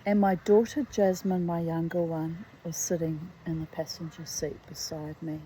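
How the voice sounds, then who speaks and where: A middle-aged woman reading aloud from her own memoir, reflective and halting, with frequent asides. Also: on the low side, steady tone, warm tone, slight background noise, low-quality recording. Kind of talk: personal storytelling read aloud.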